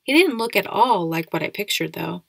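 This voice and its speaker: Casting: female audiobook reader, steady, slight vocal fry. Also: mid-range voice, normal speed, no room sound. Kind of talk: storybook narration.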